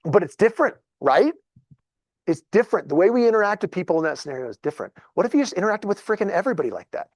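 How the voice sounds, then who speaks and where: A man in his thirties tells stories to a group in a relaxed, animated way, often acting out what others said. His voice sits a little high for a man. The sound is dry and close, with no room echo. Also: rapid-fire. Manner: animated, chatty, acts out dialogue. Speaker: real estate agent. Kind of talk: casual storytelling talk to a group.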